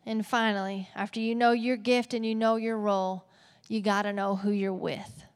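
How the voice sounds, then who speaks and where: A woman with a Texas accent preaching a sermon as a pastor, animated and playful with asides. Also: medium pitch, normal speed, clean tone. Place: church auditorium. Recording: long hall reverb.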